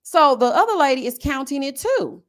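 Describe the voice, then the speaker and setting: A woman in her forties telling a personal story to her viewers in a casual, animated vlog, speaking straight to the audience. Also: sits high, normal speed. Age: 40s. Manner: animated, addresses viewers directly. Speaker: vlogger.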